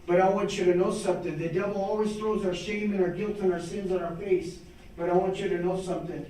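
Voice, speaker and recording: A man's voice: sits high, fairly even intonation, quick pace, dark tone. A middle-aged man gives a fervent, preacherly testimony at a city council meeting, repeating his phrases as he speaks. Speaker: honored community volunteer. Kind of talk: impromptu testimony speech. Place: city hall council chamber. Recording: echoey chamber from far off.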